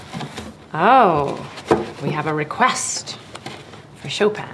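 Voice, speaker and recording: A woman in a film drama, speaking gently and patiently to a child. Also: low-pitched, animated, takes it slowly, very noisy. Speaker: caregiver who plays piano.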